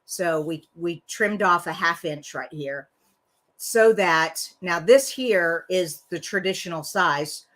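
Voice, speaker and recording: A woman's voice: on the low side, slow, fairly bright tone. A woman hosting a casual live card-making tutorial, chatty and rambling, often laughing.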